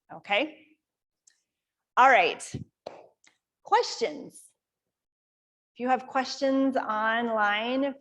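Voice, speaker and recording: A woman from Iowa, a kundalini yoga teacher, calmly explaining breathing and practice to a class in a conversational way. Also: fairly high pitch. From Iowa, USA. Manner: calm, conversational, explaining step by step. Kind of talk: guided yoga class instruction.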